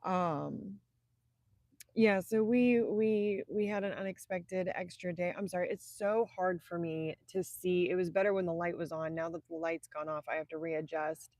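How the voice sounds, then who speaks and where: A woman's voice: on the low side, fairly even intonation, normal speed, a little mellow, dry recording. A woman from Indiana hosting a casual live stream from inside a car at night, chatty and rambling, breaking off to greet viewers by name, sounding tired. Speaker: livestream host.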